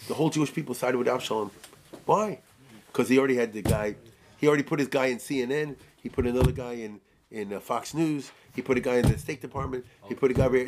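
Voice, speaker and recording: A man teaching an informal, joking Torah class, animated and often asking his listeners rhetorical questions. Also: mid-range voice.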